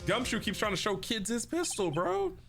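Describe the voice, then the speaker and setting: A man's voice: high-pitched, very animated, normal speed, fairly bright tone. A man streaming a game, talking casually and saying 'bro' often. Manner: laid-back, says 'bro' a lot. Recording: game music behind. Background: game music.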